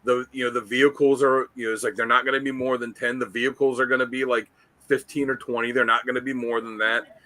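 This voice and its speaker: A man with a bright, forceful voice co-hosting a casual comics chat. He is blunt and mocking, and he talks in quick bursts. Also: mid-range voice. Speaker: co-host.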